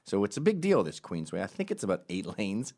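A man from Canada telling stand-up stories in a wry, profane, animated way. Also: lowish voice, fairly quick. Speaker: stand-up comedian. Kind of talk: stand-up storytelling.

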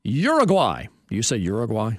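A man's voice: mid-range voice, huge pitch swings, moderate pace, no echo, studio quality. A man hosting a sports radio show, reading news items and chatting with asides.

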